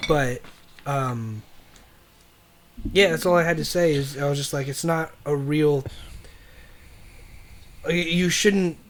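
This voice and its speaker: A man's voice: a little high, takes it slowly, pauses often, a little hiss or hum. A young man co-hosting a casual podcast chat, rambling and repeating words as he thinks. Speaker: podcast co-host.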